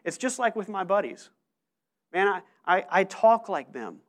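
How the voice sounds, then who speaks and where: A man preaching a sermon to his church, telling stories in an animated way with frequent restarts. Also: high voice, normal speed. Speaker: pastor.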